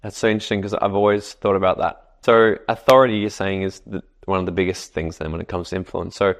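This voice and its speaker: A man's voice: sits low, steady tone, fast talker. A man interviewing a guest, asking curious follow-up questions.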